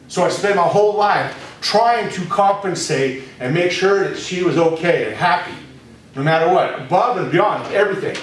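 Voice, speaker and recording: Man, spiritual teacher, candid storyteller, rather high voice, very echoey room, distant mic. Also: animated, normal speed, a little hiss or hum. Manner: candid storytelling, speaks straight to listeners. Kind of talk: personal talk to a small group.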